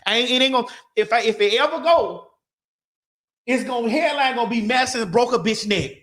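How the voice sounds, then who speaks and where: A woman from Miami-Dade hosting a morning talk show, telling a story in a blunt, profane, animated way. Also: a little high, brisk. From Miami-Dade, Florida.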